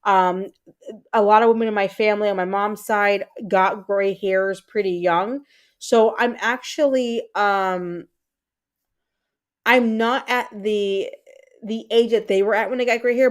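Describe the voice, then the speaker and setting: A woman in her thirties with a Puerto Rican accent, hosting a casual livestream and chatting with viewers, reading comments aloud and rambling with fillers. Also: medium pitch. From Puerto Rico. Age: 30s. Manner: chatty, reads out chat comments, frequent fillers and repeats. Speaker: livestream host.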